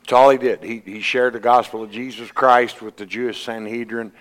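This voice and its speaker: A male preacher delivering a sermon in a middle-pitched voice. He talks earnestly, climbing to emphatic peaks and then sinking low. His voice rings with a long hall reverb, as in a church sanctuary. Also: fairly even intonation, brisk, fairly bright tone.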